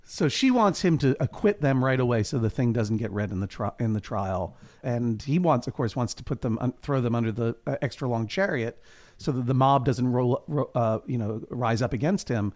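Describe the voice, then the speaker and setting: A man's voice: mid-range voice, lively intonation, moderate pace, a little mellow. A man co-hosting a podcast who recaps a television drama in a wry, playful way and acts out the characters' lines. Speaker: podcast co-host. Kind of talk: comedic recap chat.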